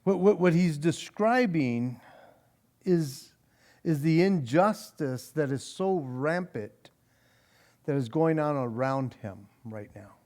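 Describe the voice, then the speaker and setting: A man with a high, light voice teaches scripture as a pastor at a church Bible study. He talks in an animated, conversational way, stumbling and repeating words as he goes. He laughs easily between points. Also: slow.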